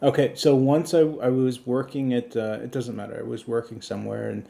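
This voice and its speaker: A man's voice: medium pitch, little pitch movement, brisk, creaky, dark tone. A man hosting a comedy podcast, chatting with a voice assistant in a dry, insistent, lecturing way. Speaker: podcast host.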